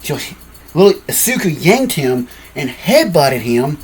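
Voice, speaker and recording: A man's voice: fairly high pitch, very animated, normal speed, a little hiss or hum. A man casually telling a fan-made story, rambling and often correcting himself with apologetic asides.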